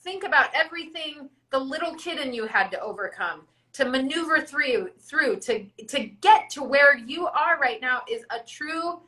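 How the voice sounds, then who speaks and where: A woman co-hosting a podcast, her voice bright and forceful and sitting a little high. She talks in a casual, emphatic and encouraging way, with free swearing. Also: expressive, moderate pace, hardly any pauses, low-quality recording. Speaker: podcast co-host.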